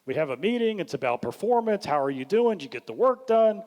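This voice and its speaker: A man speaks to a workshop audience, animated and coaching, often lifting his voice to act out the questions he recommends. His voice sits a little high for a man. The sound carries the long reverb of a large hall. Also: quick pace. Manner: animated, acts out questions in a lifted voice. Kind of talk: leadership workshop talk.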